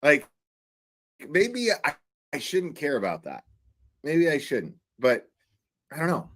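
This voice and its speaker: A man's voice: a little high, slow pace, no room sound. Male commentator, incredulous swearing rant, dry close sound. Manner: animated, incredulous, swears often, laughs while talking. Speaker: online commentator. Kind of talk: casual ranting commentary.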